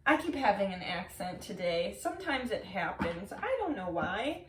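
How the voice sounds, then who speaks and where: A woman's voice: on the high side, expressive, moderate pace, few pauses, a bit bright, a little hiss or hum. A woman giving a casual tarot reading to camera, talking loosely with lots of filler words and casual swearing. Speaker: tarot reader. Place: room, seated on the floor. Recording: echoey room, mic at a distance.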